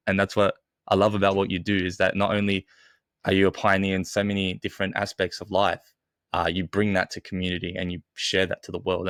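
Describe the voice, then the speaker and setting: A man hosting a podcast interview, asking halting, admiring questions. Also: deep voice, no echo, clean studio sound. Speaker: podcast host. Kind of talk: casual interview.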